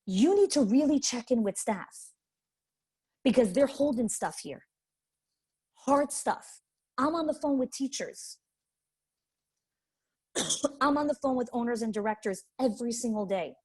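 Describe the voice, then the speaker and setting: A woman's voice: a little high, expressive, measured pace, pauses often, a little mellow, husky. A woman leadership coach teaching a webinar in an emphatic way, repeating her key points. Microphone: webinar microphone.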